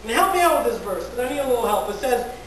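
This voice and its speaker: A woman's voice: on the high side, expressive, rapid-fire, a little hiss or hum. A woman pastor giving a conversational sermon, often repeating words and asking the congregation questions. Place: large echoey church hall. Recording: very echoey church hall from far off.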